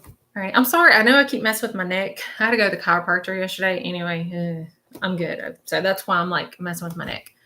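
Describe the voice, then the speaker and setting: A woman's voice: on the low side, steady tone, fast, pushed and bright. A woman leading a live-stream reading as a spiritual medium, chatty and reassuring, often checking in with her viewers.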